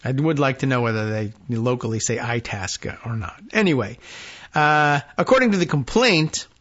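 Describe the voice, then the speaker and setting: A man's voice: medium pitch, expressive, normal speed, a bit bright. A man hosting a political podcast, reading news aloud with dry, wry asides and trailing "I don't know"s. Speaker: podcast host. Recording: slightly dull lo-fi audio.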